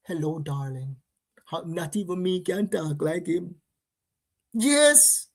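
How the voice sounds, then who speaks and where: Jamaican lady hosting news commentary, slow and emphatic, mixes patois in. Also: lowish voice, gravelly. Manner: animated, emphatic, drops into patois.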